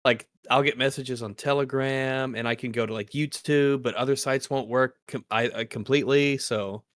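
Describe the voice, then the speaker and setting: A man talks casually on a livestream at an ordinary pitch. He rambles in long, loose sentences full of fillers and restarts. His voice is dry and close to the mic. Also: fairly even intonation, normal speed, a bit bright, no room sound. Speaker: co-host, tabletop player.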